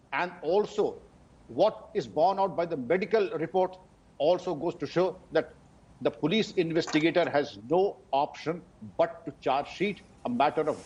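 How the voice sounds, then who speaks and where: A husky, slightly raised voice from a man in his sixties, a retired police officer who argues in a measured, deliberate way. He joins the debate over a dull, muffled remote feed. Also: a little high, darkish tone. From India. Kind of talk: debate commentary.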